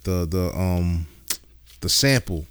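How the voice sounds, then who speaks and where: A man's voice: sits low, slow pace, smooth. A man co-hosting a casual podcast chat, laid-back and full of slang, laughing often. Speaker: podcast co-host.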